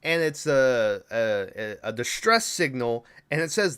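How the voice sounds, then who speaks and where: A man's voice: mid-range voice, very animated, takes it slowly, a bit bright, clean tone. Guy on a podcast rambling through a movie plot, swears a ton, lots of likes and ums, average voice. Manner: profane, rambling, with filler words. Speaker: podcast host. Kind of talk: casual movie recap.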